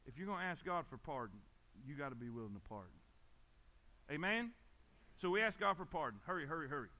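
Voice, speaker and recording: A man's voice: a little high, sing-song, fast talker, bright, forceful tone. A man preaching a sermon, emphatic and repetitive, often calling out for amens. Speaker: pastor.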